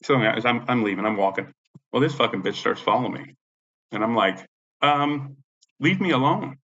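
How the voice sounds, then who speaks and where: A man's voice: lowish voice, steady tone, fast, a bit bright. A man telling a story about a confrontation with a neighbor, in a heated, profane, casual rant. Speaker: veteran telling his story. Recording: lo-fi dull sound.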